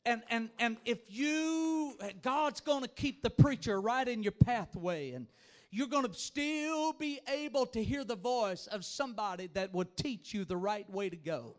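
A man preaching a revival sermon as an evangelist, shifting between fervent shouting and soft, low-voiced passages, with repeated calls to the congregation. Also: lively intonation, a little slow. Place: church youth rally before a congregation.

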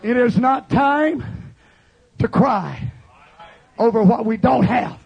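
A man preaching a fiery Pentecostal revival sermon, shouting and calling the congregation to respond. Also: very high-pitched, slow, vocal fry, slightly rough, highs cut off.

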